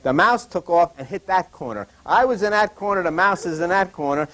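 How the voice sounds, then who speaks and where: Older man teaching, high and animated. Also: fairly quick. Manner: animated, digressive storyteller. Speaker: Bible teacher. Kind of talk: rambling anecdotal Bible talk.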